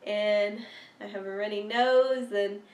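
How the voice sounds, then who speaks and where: A woman's voice: mid-range voice, slow pace, recorded from a distance. A young woman, stuffy with a cold, chatting casually in a vlog update with lots of fillers and laughter. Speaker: vlogger. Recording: roomy sound, a bit off-mic.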